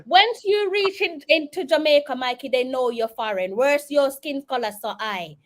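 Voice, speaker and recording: A woman's voice: sits high, animated, moderate pace. A woman with a British accent hosting a casual chat, laughing often and slipping into patois. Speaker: host.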